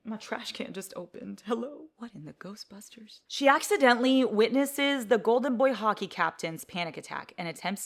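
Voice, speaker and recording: A woman vlogs about books in loose, chatty talk. Her voice sits a little low yet rings bright and forceful. She rambles, gasps with excitement and swears casually. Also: creaky. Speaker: book vlogger. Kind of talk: casual vlog chat.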